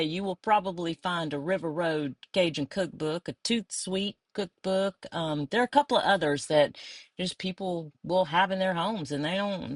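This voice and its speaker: A woman's voice: on the low side, no room sound, clean studio sound. A middle-aged woman from Louisiana with a South Louisiana accent, chatting fondly and meandering through a craft flip-through.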